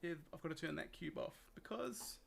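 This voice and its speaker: Game master host, casual and laughing, gravelly tone. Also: female voice, on the low side, lively intonation, brisk. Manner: laughing, teasing, rambling. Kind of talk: casual stream sign-off chat.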